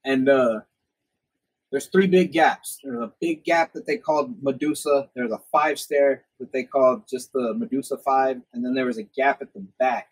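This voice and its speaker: A young man with a drawl hosts a casual podcast chat. His voice is husky and breathy at a middle pitch, and he jumps into loud imitations whenever he quotes someone. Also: normal speed, poor audio. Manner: animated storyteller, acts out quoted lines loudly. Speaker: podcast host.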